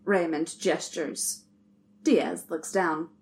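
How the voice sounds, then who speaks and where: Woman narrating a story, lowish voice. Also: steady tone, slow pace, vocal fry, darkish tone, slight background noise. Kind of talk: audiobook narration.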